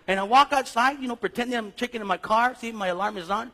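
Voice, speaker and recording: Middle-aged guy preaching a bible class, high husky voice, bounces all over the place telling stories. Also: fast, hardly any pauses. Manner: animated storytelling, acts out conversations, frequent restarts. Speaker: Bible teacher. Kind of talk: lively sermon-style Bible class.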